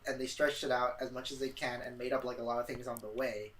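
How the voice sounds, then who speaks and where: A man co-hosting a casual film podcast, explaining points with relaxed asides. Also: medium pitch, fast talker. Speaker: podcast co-host. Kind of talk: casual chat. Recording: roomy, distant mic with crosstalk.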